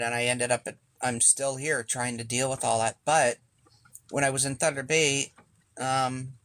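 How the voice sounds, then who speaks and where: A man's voice: medium pitch, a bit bright, no echo. A man telling a casual, rambling story as a sailing vlogger, swearing freely and acting out what people said. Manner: rambling, profane, acts out quoted speech.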